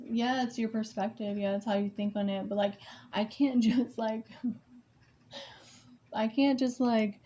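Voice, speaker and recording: A young mother paints as she vents emotionally about co-parenting in a casual vlog, rambling, cursing a lot, and restarting her sentences. Her voice is a little high with a dark tone, and a slight hiss or hum is audible.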